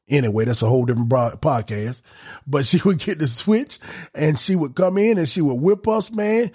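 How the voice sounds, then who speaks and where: A man's voice: on the high side, darkish tone, husky. A man hosting a podcast, preaching in a conversational, folksy way with emphatic repetition and casual asides.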